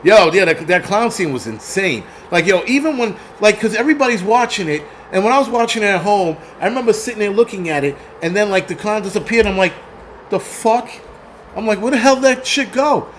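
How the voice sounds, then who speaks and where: A man's voice: sits high, slight background noise. Profane rambling man hosting a livestream. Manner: profane, rambling, reads chat aloud. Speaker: film review livestream host. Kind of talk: casual livestream chat.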